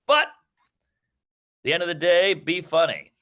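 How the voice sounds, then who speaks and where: A man's voice: high voice, sing-song, slow pace, a bit bright, highs cut off. A man, a stand-up comedian, giving brash, self-mocking advice to a class in casual, profane chat. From New York. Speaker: guest comedian.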